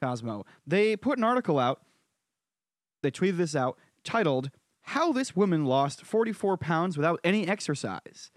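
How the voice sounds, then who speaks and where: A man's voice: on the high side, sing-song, moderate pace, dry recording, studio quality. A man co-hosting a podcast, casual and joking, often stammering as he starts a thought. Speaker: podcast co-host.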